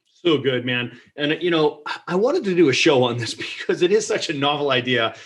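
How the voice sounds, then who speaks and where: A man's voice: on the high side, moderate pace. Chatty, laughing male podcast host. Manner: energetic, chatty, laughs often. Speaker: podcast host and practice coach. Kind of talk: podcast interview.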